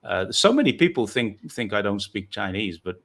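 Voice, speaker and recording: A man's voice: on the low side, sing-song, moderate pace, a bit bright. A man from northeast England hosting a casual chat, rambling and self-deprecating as he tells his story. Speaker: host.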